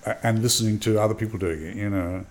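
A man's voice: on the low side, fast. An older man, an actor and drama teacher, telling anecdotes in an interview, acting out dialogue and laughing often. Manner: animated, acts out dialogue in voices, laughs often. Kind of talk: storytelling interview.

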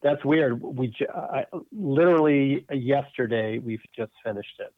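A man's voice: mid-range voice, a little slow, dry recording. An enthusiastic middle-aged man co-hosting a podcast, gushing and repeating his words. The sound is dull and muffled, with a dry, close feel. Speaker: podcast co-host. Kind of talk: casual chat.

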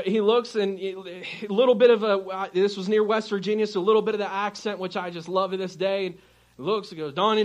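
A pastor with a fairly high voice preaches to his congregation, spinning a lively personal story. He plays the people he quotes, switching voices as the tale goes on. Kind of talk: sermon with storytelling.

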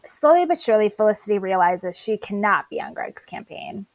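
A woman co-hosts a casual chat podcast, walking through a TV episode in a chatty way and slipping into the characters' lines as she goes. Her voice sits at a middle pitch. The recording is dry and close, with no room sound. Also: animated, fairly quick, dry recording, low-quality recording. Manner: chatty, recaps plot with quoted dialogue. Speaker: podcast co-host recapping a TV episode.

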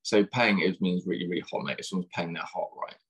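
Casting: young English man, husky tone, chatty podcast guest, slang-heavy. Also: low-pitched, expressive, quick pace. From England. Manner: chatty, full of British slang. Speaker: dating coach. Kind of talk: casual chat.

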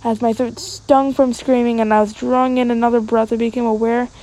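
A woman's voice: fairly high pitch, flat delivery, a little fast, warm tone, poor audio. A woman narrating a story aloud, reading dramatically, now and then dropping into a whisper and tripping over words.

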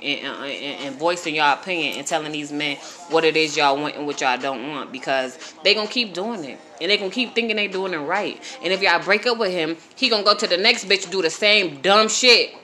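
Blunt, bright-voiced woman lecturing her viewers. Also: fairly low pitch. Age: around 40. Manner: blunt, profane, preachy, addresses viewers directly. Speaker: livestreamer giving advice. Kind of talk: unscripted live-stream talk to viewers.

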